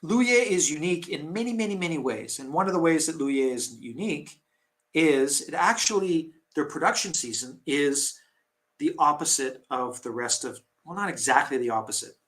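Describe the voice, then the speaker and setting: A man talks casually on a live stream, his voice sitting a little high for a man. He rambles and restarts, often poking fun at himself. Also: expressive, moderate pace, fairly bright tone. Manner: rambling, chatty, self-deprecating with laughs and restarts. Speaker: tea seller hosting a live stream.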